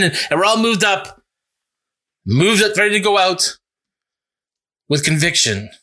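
A male pastor giving a sermon in an earnest, conversational way, building to emphatic peaks and dropping low for reflective points. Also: pushed and bright. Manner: earnest, conversational preaching with restarts and rising emphasis.

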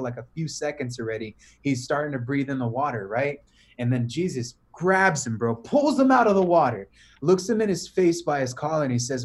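A young man on a podcast, retelling a story in casual slang, animated, full of "bro" and "right?". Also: medium pitch. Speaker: podcast guest.

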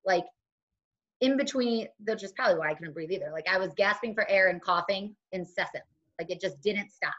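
A woman's voice: mid-range voice, fairly quick. Woman telling a story on a dull recording. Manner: animated, acts out other people's lines. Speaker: guest telling her story. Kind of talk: casual conversational storytelling.

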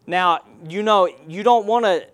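A man's voice: high voice, a little slow, fairly bright tone, clear, resonant tone. A man preaching a sermon in a church, using call-and-response and rhetorical questions. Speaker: pastor.

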